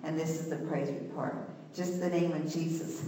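A woman's voice: deep voice, fairly even intonation, moderate pace, mellow, reverberant, long reverb tail, rough recording. A woman giving an earnest personal testimony at church, telling her story step by step and acting out the voices in it.

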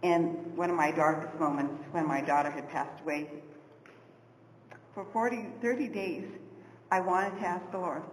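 A woman with a fairly low voice tells a personal faith story in a heartfelt, earnest way. She sounds roomy and distant, as if in a hall with a long reverb. Steady background noise runs under her voice. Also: normal speed. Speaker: class member sharing testimony. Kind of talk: personal faith testimony in a Bible class.

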